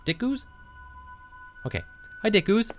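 A high-voiced man narrates his horror game playthrough in a jittery, joking way, cursing freely as he goes. Loud game music plays behind his voice. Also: sing-song, measured pace. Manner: jittery, swears freely, jokes nervously. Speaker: gaming channel host. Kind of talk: horror game let's play commentary.

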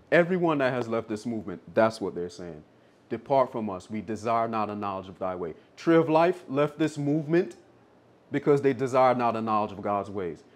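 Insistent male preacher repeating lines. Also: medium pitch. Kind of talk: sermon.

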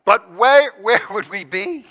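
A man with a high, ringing voice preaches in a church sanctuary, his words trailing into a long echo. He speaks earnestly and keeps turning to the congregation with direct questions. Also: slow, bright, forceful tone. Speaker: pastor. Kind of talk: sermon.

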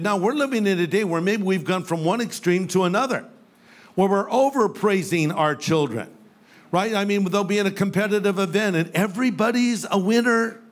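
A man's voice: sits high, normal speed. An older man, a pastor, delivering a sermon with humorous storytelling and playful quoted voices. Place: church sanctuary with live audience.

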